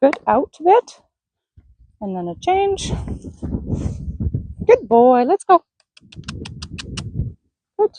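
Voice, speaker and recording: A woman horse trainer talking through a training session, praising and coaxing the horse in a soft, encouraging voice. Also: sits high, very animated, drawn-out words, long pauses, no echo, rough recording. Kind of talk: live commentary while training a horse.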